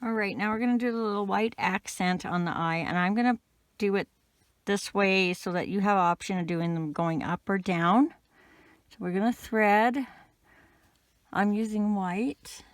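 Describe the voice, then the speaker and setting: A woman with an ordinary mid-range voice explains crochet steps in a relaxed, patient way. She speaks gently and drops in an occasional "um". The recording is close and dry, with no room echo. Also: mid-range voice. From Canada. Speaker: crochet instructor. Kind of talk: casual step-by-step tutorial.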